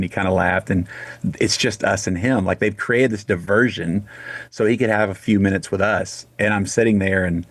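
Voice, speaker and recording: Lively storytelling middle-aged man, low and dry. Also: fairly quick, no echo. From Texas. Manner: animated storyteller, frequent restarts and "man", "dude". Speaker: guest singer. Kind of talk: casual storytelling interview.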